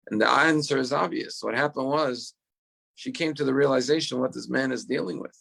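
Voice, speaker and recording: Gravelly-voiced rabbi telling a story. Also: male voice, mid-range voice, fairly bright tone. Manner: storytelling, earnest, repeats words when restarting. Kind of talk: online Torah class.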